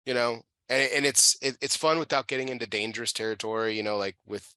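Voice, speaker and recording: Bright, dry-sounding host mid-chat. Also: male voice, mid-range voice, clean tone, no room sound. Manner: relaxed, halting, repeats words, smoking a cigar while talking. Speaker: podcast host. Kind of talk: casual interview chat.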